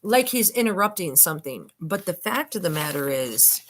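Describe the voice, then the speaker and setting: A woman's voice: lowish voice, big pitch swings, moderate pace. An older woman vlogger giving casual commentary on documents, chatty and emphatic, often addressing viewers as "you guys".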